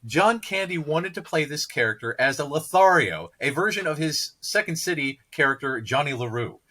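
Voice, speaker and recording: A man's voice: a little high, lively intonation, normal speed, bright, forceful tone. A man co-hosting a podcast, chatting enthusiastically in long run-on stretches. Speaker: podcast co-host. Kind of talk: casual podcast chat.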